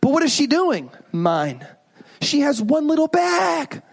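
A pastor in his thirties preaching a sermon, animated and joking as he tells stories and asks the congregation questions. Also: very high voice, moderate pace, vocal fry.

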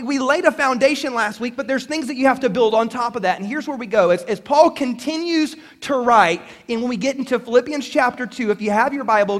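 High-voiced pastor preaching in a hall. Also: male voice. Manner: animated storytelling with congregation call-and-response. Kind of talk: sermon. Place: church sanctuary.

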